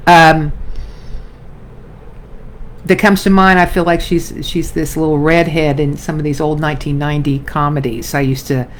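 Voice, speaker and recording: A middle-aged woman coaching actors in a loose, talky online class, her voice sitting on the low side. She stops and restarts her sentences often and keeps speaking straight to her viewers. Faint room noise hangs behind her at home. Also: flat delivery, normal speed, long pauses. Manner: chatty, self-interrupting, addresses viewers as "you guys" and "darling". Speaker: acting coach. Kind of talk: casual online acting class.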